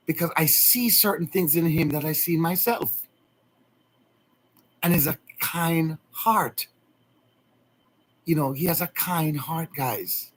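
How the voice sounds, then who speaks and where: Jamaican male vlogger, young, slightly high voice, sincere and rambling, faint noise behind. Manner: earnest, rambling, emotional. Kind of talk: casual heartfelt talk to viewers.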